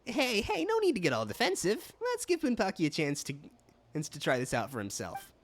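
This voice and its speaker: A man voicing a friendly, rough-spoken male alpaca herder in a put-on Scottish accent. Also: high-pitched, wildly swooping pitch, a little fast, voice pushed up, heavily acted. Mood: coaxing.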